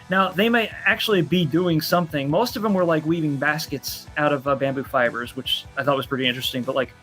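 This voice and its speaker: A man's voice: on the high side, fairly bright tone. A man co-hosting a comedy podcast, telling a rambling travel story with lots of swearing and laughter. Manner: rambling, profane, laughs a lot. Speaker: podcast co-host. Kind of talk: casual chat.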